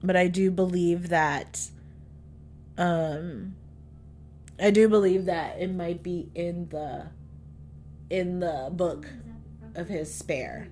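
A woman's voice: lowish voice, takes it slowly, pauses often, a little mellow. A young adult woman hosting a podcast, giving a blunt, casual stream-of-consciousness review full of fillers and laughter. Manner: blunt, chatty, swears freely; filler-heavy with frequent laughs. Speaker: podcast host.

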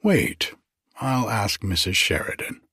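A man's voice: fairly low pitch, sing-song, takes it slowly, pushed and bright, husky, dry recording, clean studio sound, exaggerated voice. A man reading aloud, voicing a young housemaid who speaks in an offhand, careless way.

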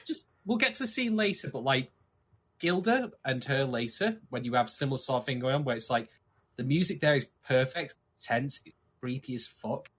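Husky, lively co-host venting. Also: mid-range voice, moderate pace. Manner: emphatic, profane, animated complaining. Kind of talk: casual podcast chat.

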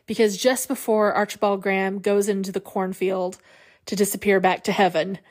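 A woman's voice: medium pitch, normal speed. A woman podcast host casually retelling a movie scene by scene, acting out the characters' lines with feeling. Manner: animated retelling, acts out quotes, laughs.

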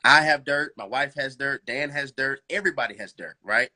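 A man talks about faith and relationships with the fervent rhythm of a preacher, firing off rhetorical questions. His voice is bright and forward, with a husky edge. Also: mid-range voice, moderate pace, hardly any pauses. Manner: laughs and addresses listeners as bro, girl. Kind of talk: preachy podcast conversation.

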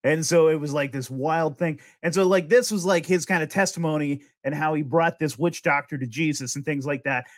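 A young adult man telling a spooky story in casual chat, animated and full of fillers and laughs. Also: on the high side, a little fast, few pauses. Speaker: podcast host.

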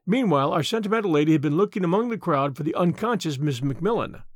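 Male podcast narrator, expressive, lively, fairly high pitch, dry close sound. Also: fast talker, no echo. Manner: expressive storytelling. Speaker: storyteller. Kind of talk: scripted audiobook narration.

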